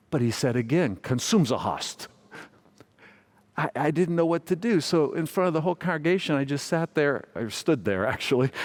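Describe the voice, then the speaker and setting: A man's voice: mid-range voice, a little mellow. A male pastor giving a sermon, telling a funny story in a conversational, self-deprecating way.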